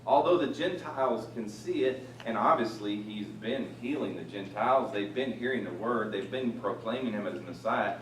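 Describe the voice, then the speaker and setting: A man teaching through a Bible passage, animated, rising loud on quoted lines and dropping quiet for asides. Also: mid-range voice, far from the mic, slight background noise. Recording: echoey room from off-mic, faint ambience.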